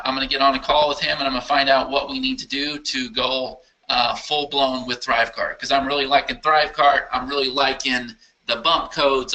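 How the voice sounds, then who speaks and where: A man hosting a casual live Q&A for his software users, answering questions enthusiastically and thinking aloud as he clicks through a screen demo. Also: medium pitch, rough recording. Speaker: software company founder answering user questions.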